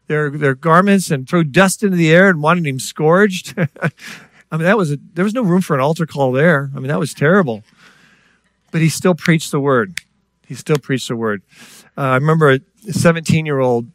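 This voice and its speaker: A man's voice: on the high side, a bit bright, dry recording. A middle-aged man preaching a sermon in a conversational way, with asides and rhetorical questions to the congregation. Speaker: pastor.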